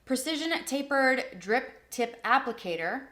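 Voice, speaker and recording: A woman's voice: high voice, expressive, a little slow, fairly bright tone. Candid woman reviewing makeup. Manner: candid, chatty, thinking aloud. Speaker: beauty reviewer. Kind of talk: first-impression makeup review.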